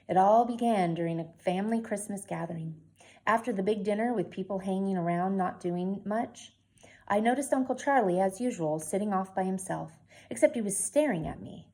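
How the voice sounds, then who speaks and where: A woman's voice: medium pitch, normal speed, vocal fry, warm tone. Woman reading a novel aloud. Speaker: teacher.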